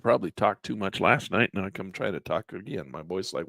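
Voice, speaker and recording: A man teaching a live online trading class in a casual, folksy way, losing his voice and clearing his throat often, with quick asides that act out what traders think. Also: low voice, lively intonation, a bit bright, no echo, clean studio sound. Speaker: trading instructor. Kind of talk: live online class, walking through charts.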